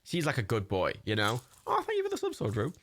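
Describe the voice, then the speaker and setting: A man chatting his way through a game on a livestream. He is self-mocking and swears freely. His voice jumps up and down with a bright, sharp tone. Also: mid-range voice, wildly swooping pitch, fast. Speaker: streamer. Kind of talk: casual livestream gaming commentary.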